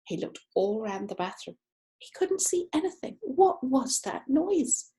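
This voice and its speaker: Expressive woman reading a children's story. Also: high voice, unhurried. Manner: expressive storyteller, stretching key words. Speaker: narrator.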